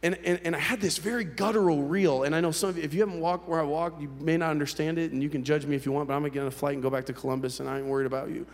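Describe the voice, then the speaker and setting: A male pastor telling a personal story in a sermon, candid and conversational, with halting restarts. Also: fairly high pitch, steady tone. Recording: long hall reverb.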